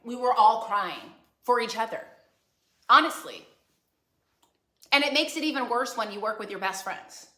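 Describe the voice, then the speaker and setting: Woman, live-stream host, candid, venting, bright voice, echoey room. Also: fairly high pitch, expressive, moderate pace, pauses often. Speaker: small business owner hosting a live stream. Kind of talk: casual live-stream chat.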